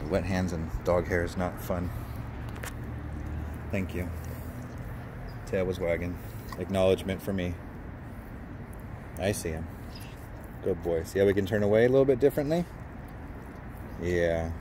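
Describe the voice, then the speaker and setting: Man, dog trainer, outdoor vlog; low voice, coaxing and explanatory, faint background noise. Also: a little slow, long pauses. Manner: coaxing, praising the dog often, explaining as he goes. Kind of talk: casual narration while training a dog outdoors. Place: outdoors at a park.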